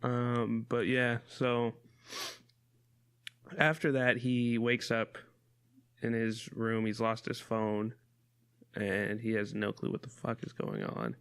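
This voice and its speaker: A man's voice: mid-range voice, slow pace, vocal fry, pauses often, fairly bright tone, smooth. A man co-hosting a casual movie podcast, laid-back and chuckling, with profane asides. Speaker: podcast co-host. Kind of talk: casual movie review chat.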